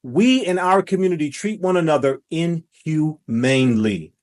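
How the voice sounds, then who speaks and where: A man hosting a reaction commentary, talking in a preachy, emphatic way that rises to shouts. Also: fairly high pitch, lively intonation, normal speed. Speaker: commentary host.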